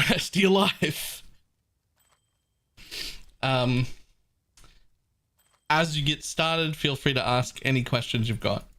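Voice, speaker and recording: A man's voice: mid-range voice, fairly bright tone. An Australian man in his thirties streaming a game live from his home room, chatting casually with viewers in a blunt, joking way and swearing freely.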